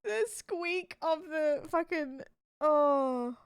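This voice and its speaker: A woman streamer chats with her viewers and reacts to clips, laughing often and exclaiming in amusement. Her voice sits high and swoops lively up and down, while her talk moves at an unhurried pace. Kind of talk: casual live-stream chat, reacting to clips.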